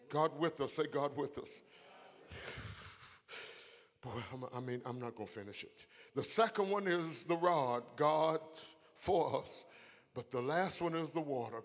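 A man preaching a sermon, moving from a quiet story to shouted, crying high points. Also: lively intonation, slow pace, long pauses, long reverb tail. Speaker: pastor.

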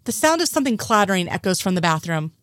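Woman, story reader, voices characters, mid-pitched, dry close sound. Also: very animated, fast talker, a bit bright, no echo. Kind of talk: audiobook reading of fan fiction.

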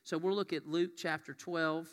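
Folksy preacher in a hall. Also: male voice, on the high side, level tone, normal speed. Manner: folksy, conversational, reads scripture aloud. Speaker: pastor. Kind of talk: sermon. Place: church sanctuary.

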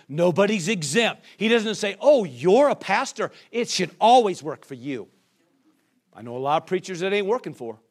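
A pastor delivering a sermon to his congregation, repeating questions and calling out for people to answer. He is a man with a high-pitched voice that climbs as he presses his points. He acts out the voices of doubters and church members in quick asides. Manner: call-and-response preaching, rhetorical questions, acts out quoted voices.

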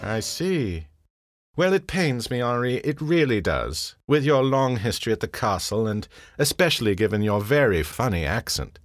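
A man's voice: medium pitch, big pitch swings, normal speed, soft background music, natural voice. An actor playing a vain, flippant male king with a pompous, sardonic and dramatic manner. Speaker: lead of the show. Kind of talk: comedy radio play acting.

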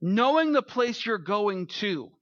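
A man's voice: high-pitched, sing-song, slow, a bit bright, no room sound, lo-fi sound. A man preaching a sermon, telling funny road-trip stories in a chatty, joking way before turning to scripture. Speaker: pastor.

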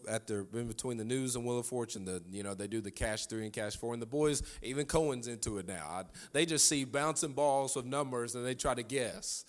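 A preacher delivering a sermon who repeats lines for emphasis and chuckles his way through a family story. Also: medium pitch.

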